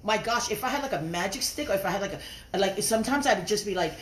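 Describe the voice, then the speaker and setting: A woman ranting angrily and profanely on a livestream, often tagging her lines with a quick "he?". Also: medium pitch, animated, roomy sound, a little hiss or hum. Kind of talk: heated livestream rant.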